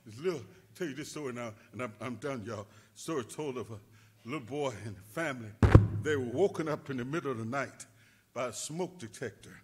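A male pastor preaching a sermon with fervent delivery that rises to shouts. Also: medium pitch, a little fast, slight background noise.

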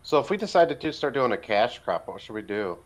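A man's voice: mid-range voice, big pitch swings, fast. A man co-playing a farming game, chatting casually and asking his partner questions. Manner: laid-back, asks questions. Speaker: co-host player. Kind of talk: casual gameplay chat.

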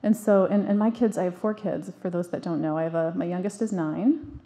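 A woman's voice: lowish voice, a little fast, warm tone. A woman in her forties giving an earnest, emphatic talk to an audience, telling stories from her own life with frequent restarts. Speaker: parenting speaker.

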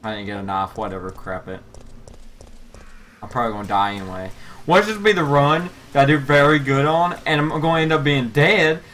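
A man giving let's play commentary, excitable, yelping and shouting at the game with mild swearing. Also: medium pitch, brisk, slight background noise. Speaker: gamer. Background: faint music.

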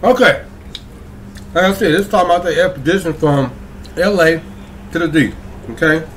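A man's voice: a little high, normal speed, a bit bright, a little hiss or hum. A man hosting a reaction video, talking casually and often checking in with viewers. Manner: chatty, keeps checking in with viewers. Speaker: YouTube reaction host.

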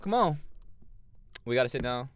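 A man's voice: medium pitch, lively intonation, normal speed, slight background noise. A young man giving horror game commentary, brashly trash-talking in slang. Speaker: gamer. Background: game music.

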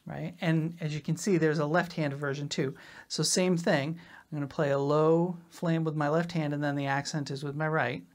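A woman drum teacher explaining rudiments in a relaxed, casual way, often checking in with "right?". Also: low-pitched, moderate pace, a little hiss or hum. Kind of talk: casual instructional talk.

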